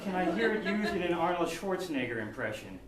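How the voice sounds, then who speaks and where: A man's voice: high voice, sing-song, quick pace. A man playing a spelling bee contestant in a live sketch on a theater stage, stalling with eager questions. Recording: echoey hall from far off, with noise.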